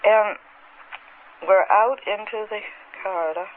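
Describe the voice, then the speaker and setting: Woman on tinny old tape, halting. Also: mid-range voice. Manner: halting, repeats words, relives events in present tense. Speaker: hypnosis subject. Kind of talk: recounting an experience under hypnosis. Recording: tinny old archival tape with faint hiss.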